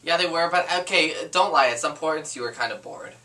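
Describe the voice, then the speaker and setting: A man's voice: on the high side, brisk, pushed and bright, recorded from a distance. A young adult man hosting a casual student show, laid-back and jokey, with lots of filler words. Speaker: host. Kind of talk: casual chat.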